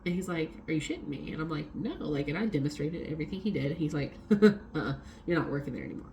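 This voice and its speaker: A young adult woman with a low-pitched voice vlogs a casual storytime, talking fast and swearing freely. She retells events animatedly, acting out what others said, with a little hiss or hum present.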